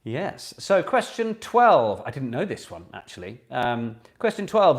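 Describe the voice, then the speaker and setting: Lively man hosting a quiz. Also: mid-range voice, unhurried, few pauses. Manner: chatty, reads questions twice, answers viewer comments. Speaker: quiz host. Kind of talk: live online pub quiz hosting.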